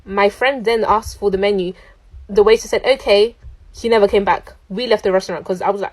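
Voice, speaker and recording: A young woman, telling a storytime to camera in an animated, indignant way. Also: medium pitch, a little fast. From London, UK. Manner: animated, indignant, quotes people in voices.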